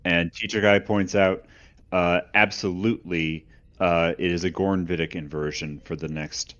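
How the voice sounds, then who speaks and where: A man's voice: low voice, steady tone, normal speed, fairly bright tone. A man co-hosting a casual live stream, joking wryly and playfully. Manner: playful, wry jokes. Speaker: podcast co-host. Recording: dull lo-fi audio.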